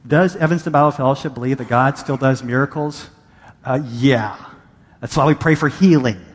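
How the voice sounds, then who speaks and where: A man's voice: medium pitch, normal speed, husky, in a large hall. A male pastor giving a conversational sermon, reading and paraphrasing scripture with emphasis.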